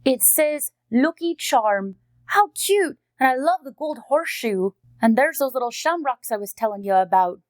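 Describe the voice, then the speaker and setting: A woman's voice: high-pitched, expressive, moderate pace, few pauses, dry recording. A woman voicing a cheerful friendly female dog who hosts a kids' educational unboxing video, chatty, sweet and teacherly.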